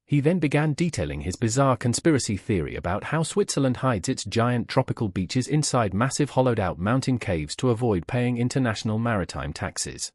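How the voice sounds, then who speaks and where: A man's voice: medium pitch, very animated, fairly quick, few pauses, a little mellow, no room sound, clean studio sound. A man narrating scripted anecdotes in a wry storytelling manner.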